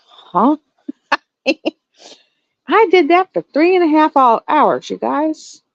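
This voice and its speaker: A woman's voice: high voice, takes it slowly, no room sound. Lady rambling to her stream, bouncy up-and-down voice, dull dry sound. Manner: animated storytelling, laughs often, swings between voices. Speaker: live stream host. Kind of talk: casual chat to viewers.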